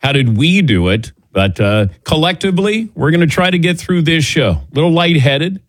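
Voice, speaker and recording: A man's voice: a little high, animated, normal speed, no room sound. An older man hosting a sports talk show, chatting casually and telling a self-mocking story, acting out the quotes. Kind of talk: casual radio show chat.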